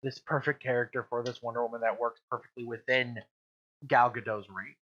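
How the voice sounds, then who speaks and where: An opinionated podcast co-host chatting casually at a middle pitch. The sound is slightly muffled and lo-fi. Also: fairly even intonation, fairly quick, fairly bright tone. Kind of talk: casual chat.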